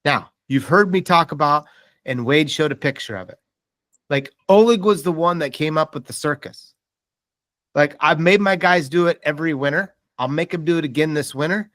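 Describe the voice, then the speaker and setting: Animated male sales trainer, dry sound. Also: fairly high pitch, normal speed, dry recording. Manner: animated storytelling with quoted dialogue. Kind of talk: motivational seminar talk.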